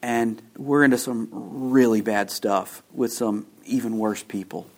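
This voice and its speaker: A frightened young woman caller, stammering and halting between her words, as a male preacher puts her on. She is distraught and tearful, trying to get her message out in a rush. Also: mid-range voice, fairly even intonation, darkish tone, close to an everyday voice. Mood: panicked.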